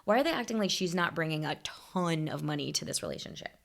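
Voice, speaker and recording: A woman co-hosting a podcast in casual chat, quick to agree and playfully quoting lines. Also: low-pitched, animated, creaky, fairly bright tone. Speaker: podcast co-host.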